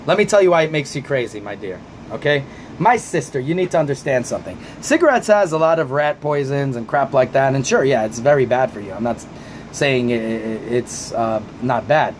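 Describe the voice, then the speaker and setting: A man's voice: mid-range voice, expressive, brisk, slight background noise. A man coaching people through anxiety in a vlog Q&A, answering viewer questions in a blunt, profane, fired-up way and repeating himself for emphasis.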